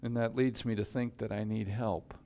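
A male pastor preaching a sermon in a measured way, letting his voice fall quiet at the ends of phrases. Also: lowish voice, fairly even intonation, creaky.

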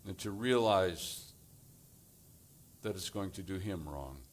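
A pastor preaches a sermon in a low, animated voice. He is deliberate and measured, delivering his points in short phrases.

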